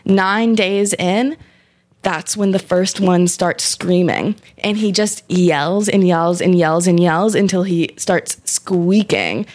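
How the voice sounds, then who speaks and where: A woman's voice: fairly low pitch, takes it slowly, darkish tone. A young woman casually retelling a horror story on a podcast, rambling and swearing, with many likes. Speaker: podcast co-host.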